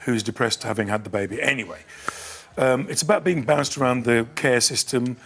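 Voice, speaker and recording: A man's voice: mid-range voice, a little fast, gravelly, fairly bright tone, slightly rough. An older man, a guest on a chat show, telling a story with enthusiasm and frequent restarts. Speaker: guest actor and producer. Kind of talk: casual studio chat.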